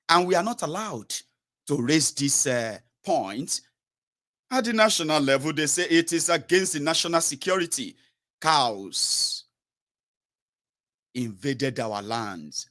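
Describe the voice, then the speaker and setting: A man's voice: medium pitch, a bit bright. A man with a Nigerian accent giving an impassioned political monologue, emphatic and full of fillers and self-corrections. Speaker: political commentator.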